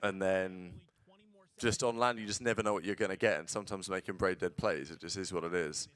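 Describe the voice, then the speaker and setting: Streaming a casual esports watch-along, this man talks fairly quickly in a low-pitched, clear and resonant voice. He's blunt, swears freely, and bursts into excited play-by-play.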